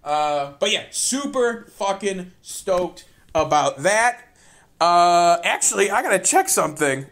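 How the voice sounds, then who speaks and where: A man hosting a solo podcast, talking in a rambling, profane, excitable way, tired out. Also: sits high, slow pace. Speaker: podcast host. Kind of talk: casual solo podcast rant.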